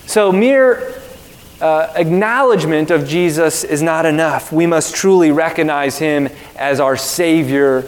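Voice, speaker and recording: Male pastor, high voice, slow earnest sermon, reverberant church hall. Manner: earnest, emphatic preaching with repetition.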